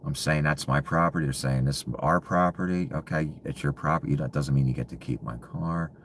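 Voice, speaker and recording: Man, extremely deep voice, bitter contemptuous rant, swears, drops to hushed mutters, faint background hiss. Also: fairly quick. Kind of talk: ranting monologue.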